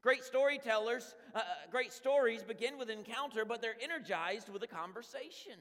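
Bright-voiced pastor preaching in a reverberant church. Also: male voice, sits high. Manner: animated storytelling with frequent "man" and restarts. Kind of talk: conversational sermon. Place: church sanctuary. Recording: long hall reverb in a church.

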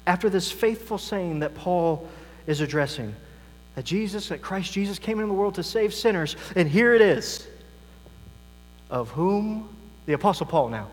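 Pastor guy preaching, fairly high voice, booms then drops way down, long echo and a hum behind. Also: lively intonation, moderate pace. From United States. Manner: preaching, swings between loud emphasis and quiet asides. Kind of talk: sermon. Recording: long reverb, mains hum.

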